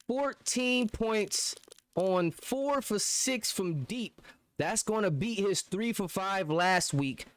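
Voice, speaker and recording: A man giving live, chatty play-by-play commentary on a basketball video game, getting excited and joking as he calls the action. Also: sits high. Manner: excitable, chatty, jokes and argues with the refs. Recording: loud game crowd noise behind.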